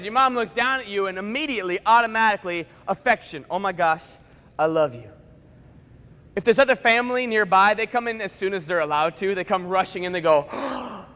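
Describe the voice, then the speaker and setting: A man giving a playful, joking speech at a school assembly, acting out quick bits of dialogue in his stories. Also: very high voice, bright, forceful tone, a little hiss or hum. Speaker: motivational speaker. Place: large school assembly hall. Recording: echoey hall with long reverb.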